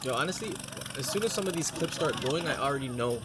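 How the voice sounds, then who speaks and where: A man's voice: mid-range voice, lively intonation, quick pace. A man hosting a casual reaction video, laid-back, swearing freely and laughing often. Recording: loud background noise.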